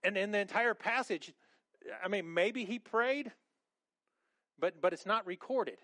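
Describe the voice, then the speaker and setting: A man preaching a sermon in a conversational way, often stammering and repeating words, and saying quoted lines in a lower, softer voice. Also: a little slow, no echo. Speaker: pastor.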